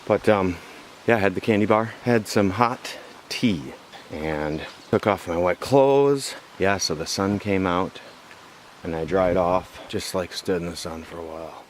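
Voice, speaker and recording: A man's voice: deep voice, a little slow, slight background noise. An exhausted man telling a trail story to a handheld camera outdoors, swearing freely as he goes. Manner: swears freely, animated retelling with put-on quotes. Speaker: solo backpacker vlogging on the trail. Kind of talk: casual vlog storytelling. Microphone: handheld camera at arm's length.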